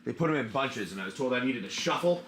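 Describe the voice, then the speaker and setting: A man's voice: medium pitch, lively intonation, fast talker, a bit bright, a little hiss or hum. A man hosting a live card-opening stream, chatting casually and greeting viewers by name with plenty of "um" and "uh".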